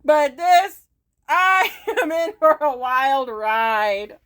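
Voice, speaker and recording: A woman hosting a reaction video, talking in an animated way with a lot of laughing and exclaiming. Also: sits high, drawn-out words, faint music behind. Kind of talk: excited reaction commentary.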